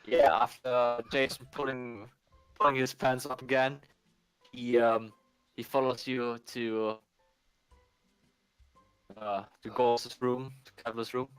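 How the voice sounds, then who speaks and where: A man narrating as game master for a tabletop game, halting with many ums and restarts. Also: medium pitch, level tone, fairly bright tone, smooth, dry recording, faint music behind.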